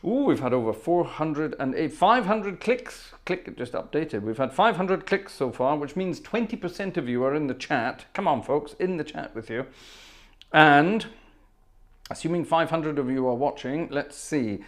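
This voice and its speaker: A man's voice: a little high, animated, moderate pace. A man hosting a home organ livestream, chatting casually and greeting viewers by name with jokes, wearing headphones. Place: home music room.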